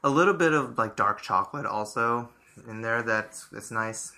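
A man in a relaxed tasting chat, describing a beer's flavors, often trailing off and restarting. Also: medium pitch, moderate pace. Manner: easygoing, trails off, laughs easily. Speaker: beer taster.

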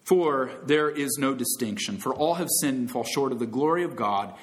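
Lively, swooping male preacher. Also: moderate pace. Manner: emphatic preaching, swooping from loud high peaks to low soft drops; calls listeners friends, brothers and sisters. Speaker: pastor. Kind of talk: sermon.

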